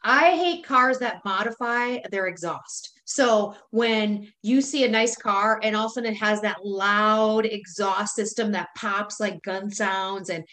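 A woman's voice: medium pitch, unhurried, few pauses, fairly bright tone. A woman co-hosting a casual chat podcast, ranting bluntly and with exasperation about pet peeves. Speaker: podcast co-host.

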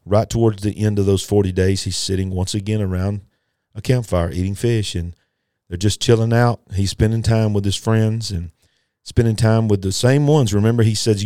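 Preacher guy, low mellow voice, gets fired up and repeats himself, talks right to you. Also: steady tone, moderate pace, dry recording, studio quality. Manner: emphatic, repetitive, rising to fervent pitch; folksy, addresses listeners directly. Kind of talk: sermon.

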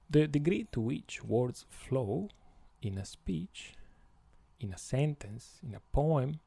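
A man with an Italian accent, Italian his first language, hosting an educational podcast and explaining slowly with many pauses and fillers. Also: mid-range voice, creaky, warm tone, no echo. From Italy. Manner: slow and hesitant, many fillers. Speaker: podcast host.

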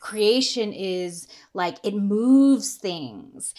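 A woman coach talking as a podcast guest. She speaks with conviction and stretches out key words for emphasis. Her voice sits at a middle pitch for a woman. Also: expressive, dark tone. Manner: emphatic, deliberate, slows down to stress key points. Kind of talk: casual conversation.

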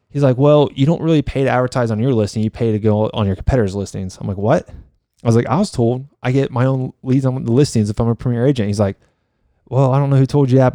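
A man in real estate telling a story in a casual chat, heated and quick to swear. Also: medium pitch, dark tone, no echo, clean studio sound.

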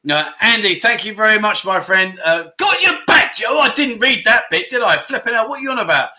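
A middle-aged man hosting a casual livestream chat show, reading out viewer comments in an animated, exclamatory way. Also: high-pitched, fairly quick. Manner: animated and exclamatory, with loud catchphrases.

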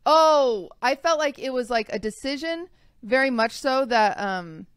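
A woman's voice: sits high, lively intonation, unhurried, smooth, no room sound. A young woman co-hosting a podcast, telling a personal story in a rambling, casual way with lots of fillers. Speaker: podcast co-host. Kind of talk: casual chat.

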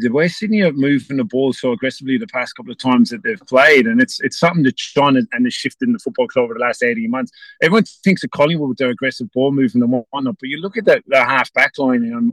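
A man's voice: mid-range voice, fast, a bit bright, dry recording, low-quality recording. An Irish man, a former footballer, chatting as a guest and rambling with many restarts. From Ireland. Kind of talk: casual interview chat.

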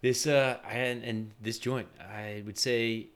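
A man's voice: mid-range voice, fairly even intonation, takes it slowly, clean tone. A young man co-hosting a podcast, easygoing and rambling, restarting his sentences. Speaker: podcast co-host. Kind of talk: casual chat.

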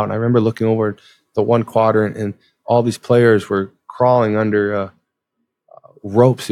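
Interview guest, man in his sixties, lively storyteller, dry close sound. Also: no room sound. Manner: animated storyteller, voice rising high in dramatic retelling.

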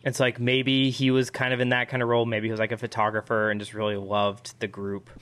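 A man's voice: medium pitch, completely flat delivery, brisk, a bit bright. A thoughtful man joining a casual podcast chat. He builds his points with care and sometimes stumbles and restarts his sentences. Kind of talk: casual chat about a cartoon episode.

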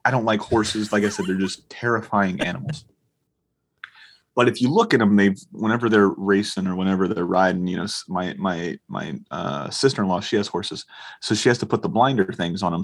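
Husky animated storytelling man. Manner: animated storyteller, acts out quoted dialogue with big pitch jumps, swears freely. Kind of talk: casual chat.

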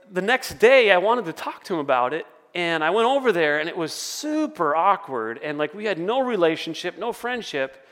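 A man's voice: high voice, expressive, moderate pace, a bit bright, long reverb tail. A man preaching a sermon as pastor, conversational, with storytelling asides.

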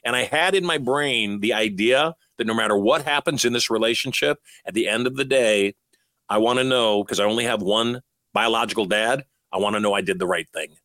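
A man's voice: on the low side, pushed and bright, no room sound, clean studio sound. Earnest middle-aged male podcast host. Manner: earnest storytelling, slow emphatic lines. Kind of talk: motivational talk.

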